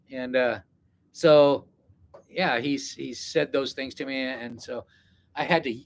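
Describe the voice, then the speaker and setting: A man's voice: mid-range voice, creaky, fairly bright tone, a little hiss or hum. Casual live-stream vlogger, male, meandering and reflective, chatting directly to viewers. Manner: meandering, reflective, talks straight to chat. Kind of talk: rambling casual live chat. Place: indoors, packing for a trip.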